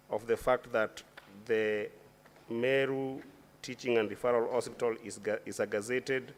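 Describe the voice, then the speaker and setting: A man, a senator questioning a witness at a formal hearing in a deliberate, formal way, often restarting his phrases. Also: medium pitch. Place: committee hearing chamber.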